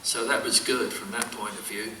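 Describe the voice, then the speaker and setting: A man's voice: fairly low pitch, steady tone, normal speed, sharp tone. A man telling rambling anecdotes as a guest in a casual convention panel chat. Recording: roomy echo, mic far off.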